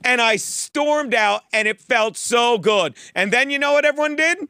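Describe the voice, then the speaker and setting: A man, a podcast co-host telling a profane, animated comedic rant in a studio booth. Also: very high voice, normal speed, smooth, no echo. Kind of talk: comedic rant, casual chat.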